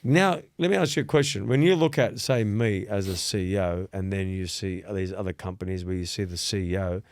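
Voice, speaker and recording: Hosting a laid-back podcast chat, this man tells his stories with plenty of profanity and performs each line of dialogue he quotes. His voice is low and fairly quick, captured dry at studio quality.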